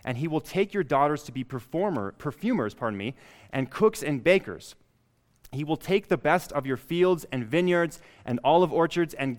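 A man preaching a sermon, reading scripture aloud and building up emphasis on key lines. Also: fairly high pitch. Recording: long reverb of a hall.

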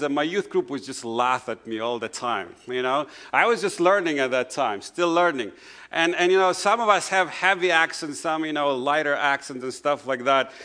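A man's voice: on the high side, pushed and bright. Man preaching with a foreign accent. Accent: non-native English accent. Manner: conversational preaching with frequent "you know" asides. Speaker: pastor. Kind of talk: sermon.

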